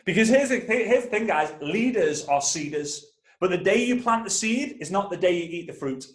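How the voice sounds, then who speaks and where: Guy in his 30s, lively training talk, high-ish voice, echoey room. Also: moderate pace. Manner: animated, addresses listeners directly. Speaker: network marketing trainer. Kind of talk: energetic storytelling talk.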